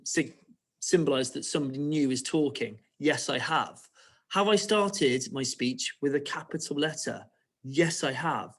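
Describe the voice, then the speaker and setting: A male primary school teacher giving an online writing lesson, patiently walking pupils through each step and checking they follow. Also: a little high.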